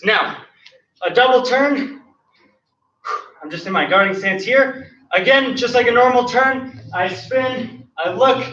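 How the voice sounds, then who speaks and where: A man's voice: extremely high pitch, sharp tone, slight background noise. A man teaching an online martial arts class, cueing and counting kicks as he demonstrates them, out of breath. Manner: counts and cues moves while demonstrating kicks. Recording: roomy, distant, dull sound.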